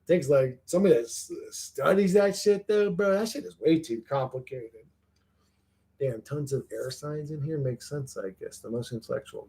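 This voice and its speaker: A man's voice: medium pitch, normal speed, gravelly, mellow. Rambling, foul-mouthed male livestreamer. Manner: rambling, swears freely, repeats words as he starts sentences. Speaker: livestream host reading chat. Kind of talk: casual livestream chat.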